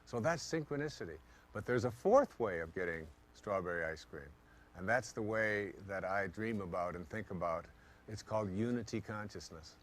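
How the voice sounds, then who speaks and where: Speaking at normal speed in a lowish voice, a man gives a motivational talk built on stories. He dramatizes what the people in them were thinking, putting on lively voices for each quote.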